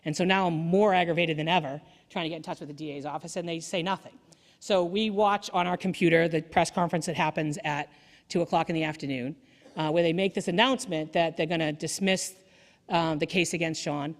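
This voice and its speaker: A woman lawyer giving a candid, energetic story-driven speech at a dinner event. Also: low voice, brisk. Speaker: defense attorney. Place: banquet hall. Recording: echoey hall.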